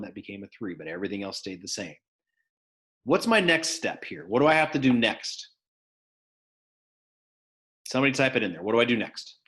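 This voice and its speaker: Math teacher swinging hushed to loud. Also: male voice, mid-range voice. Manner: shifts from hushed to sudden loud bursts. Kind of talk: online class lecture. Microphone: computer mic on a video call.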